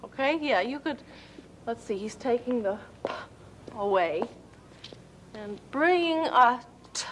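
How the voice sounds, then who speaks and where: A woman's voice: fairly high pitch, expressive, takes it slowly, long pauses, slight background noise. A woman presenting a children's TV show who sounds out letters and words in delighted tones. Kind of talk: slow phonics teaching.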